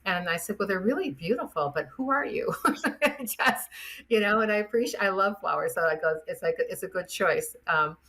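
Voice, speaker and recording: A middle-aged woman, a chiropractor guest, chatting in an interview and telling lively stories with acted-out quotes. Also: medium pitch, moderate pace. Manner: chatty, animated storyteller acting out quotes. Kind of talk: casual interview storytelling.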